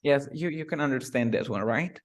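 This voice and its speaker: A man teaching English, who slows down to drill phrases and then speeds up to explain. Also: mid-range voice. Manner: switches between slow drilled phrases and fast explanations. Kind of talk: live online English lesson.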